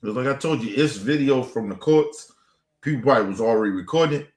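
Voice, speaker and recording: A man's voice: mid-range voice, brisk, echoey room. A man giving heated, profane commentary as a streaming host, repeating points with rising exasperation. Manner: profane, animated, repetitive.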